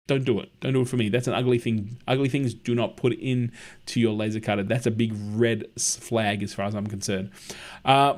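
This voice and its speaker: A medium-pitched man hosts a casual livestream, chatting warmly, answering viewer comments and sharing anecdotes.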